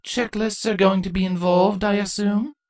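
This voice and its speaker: A woman voicing a proud, sardonic female changeling queen who speaks in a deadpan, matter-of-fact way, in a fan fiction reading. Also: mid-range voice, normal speed, no echo, pitched above the performer's own voice, natural voice.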